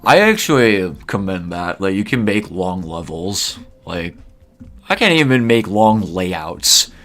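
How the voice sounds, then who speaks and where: A man with a somewhat low voice talks through his gameplay in casual commentary. He rambles and airs strong opinions, filling his sentences with asides and fillers. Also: sing-song, takes it slowly, fairly bright tone, faint music behind. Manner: opinionated, rambling, heavy use of "like". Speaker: gaming video creator.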